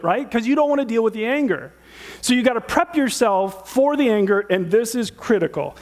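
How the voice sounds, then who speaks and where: Animated high-voiced male pastor preaching. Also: fast talker. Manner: conversational, animated preaching with rhetorical questions. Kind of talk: sermon.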